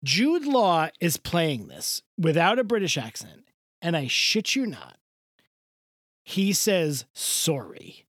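A man's voice: on the high side, huge pitch swings, takes it slowly, a bit bright, no room sound, studio quality. A man co-hosting a podcast in casual, jokey chat, swearing often. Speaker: podcast co-host.

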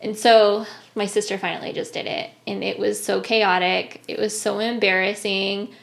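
A woman in her thirties telling a story in casual chat, animated, laughing and swearing often. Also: medium pitch, moderate pace, creaky. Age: 30s.

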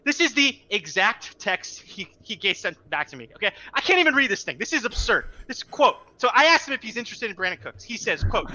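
A man's voice: high voice, sing-song, moderate pace, sharp tone, muffled recording, slight background noise. A young man co-hosting a podcast, ranting with exasperation and lots of swearing in casual chat. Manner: exasperated, profane, heated ranting. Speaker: podcast co-host.

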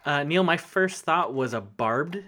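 A man's voice: on the high side, animated, a little slow, sharp tone, slight background noise. A man playing a trivia game with friends, hesitant and self-doubting as he thinks aloud. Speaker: quiz contestant. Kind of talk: casual game chat.

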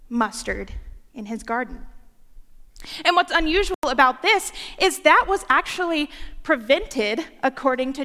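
High-voiced young woman preaching in a reverberant hall. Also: sharp tone. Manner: playful, joking asides. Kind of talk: sermon.

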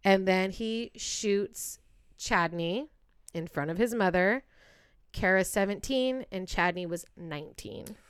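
A woman's voice: medium pitch, takes it slowly, clean tone, dry recording, studio quality. A woman co-hosting a podcast, recounting a true crime case bluntly and with profanity. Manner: blunt, profane, builds to heated outbursts. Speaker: podcast co-host.

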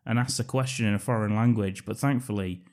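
A man's voice: on the low side, fairly even intonation, a little fast, a little mellow. A man co-hosting a casual film-review podcast, swearing freely and breaking into laughter often. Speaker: podcast co-host.

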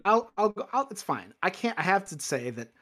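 A man co-hosting a casual chat, telling a rambling story with many restarts and growing animated as he retells it. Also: sits high, normal speed. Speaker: podcast co-host.

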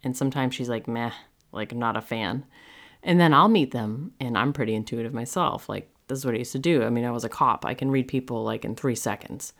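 A middle-aged woman from the US talks through personal stories as a podcast host, chatty and animated with plenty of fillers. Her voice sits unusually low. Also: quick pace, hardly any pauses. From United States. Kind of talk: casual monologue.

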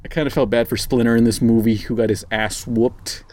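A man's voice: mid-range voice, flat delivery, fairly quick, darkish tone. A young man casually reviewing a movie with a friend, rambling, laughing often and swearing freely. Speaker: podcast co-host.

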